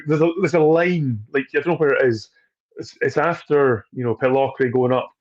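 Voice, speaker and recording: A man's voice: mid-range voice, steady tone, moderate pace, highs cut off. Chatty man on a video call. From Scotland. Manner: chatty, stammers on restarts, laughs often. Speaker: distillery trade guest. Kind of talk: casual chat on a video call.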